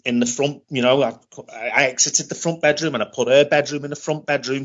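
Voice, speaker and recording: A middle-aged British man telling a personal story in an interview, halting and often repeating himself as he restarts. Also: medium pitch, fairly bright tone. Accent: British English. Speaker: interview guest. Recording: dull lo-fi recording.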